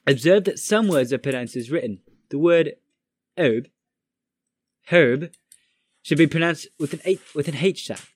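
A man casually reading a pronunciation guide aloud to friends, halting and restarting as he goes. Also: fairly high pitch, animated, darkish tone, no room sound.

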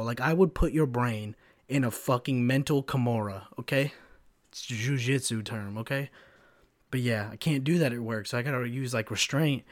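A man in his twenties tells stories on his podcast in a profane, sarcastic and animated way. His voice has a middling pitch. The recording is dry and close to the mic. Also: dry recording. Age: 20s. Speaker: podcast host. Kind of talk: casual storytelling monologue.

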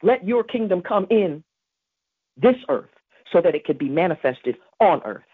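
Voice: medium pitch, very animated, normal speed, slightly rough, no room sound. A podcast host giving an emphatic devotional teaching on prayer, repeating key phrases. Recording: tinny phone-like dry recording.

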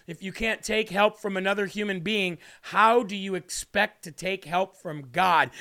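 A man's voice: sits high, sharp tone. A man preaching an emotional livestream sermon, pleading and repeating questions for emphasis.

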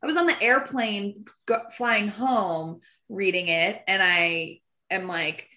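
A young woman co-hosting a podcast, telling expressive stories fast and laughing through them. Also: mid-range voice. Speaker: podcast co-host. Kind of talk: casual chat.

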